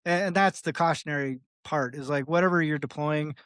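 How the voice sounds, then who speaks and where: A guest on a podcast, a man with a somewhat high voice who talks at length in a loose, animated way. He acts out little dialogues, laughs often and swears freely. The recording is close and dry, with no room echo. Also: a little fast, clean tone. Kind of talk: casual interview talk.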